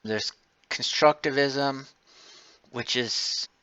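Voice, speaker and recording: A man's voice: medium pitch, fairly even intonation, extremely slow, sharp tone, no echo, muffled recording. A male college lecturer giving a casual, digressive class lecture full of personal stories.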